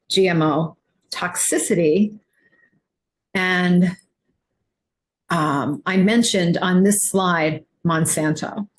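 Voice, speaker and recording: A woman's voice: fairly low pitch, slight background noise. A woman nutrition coach, talking casually over slides, rambling with many fillers and restarts.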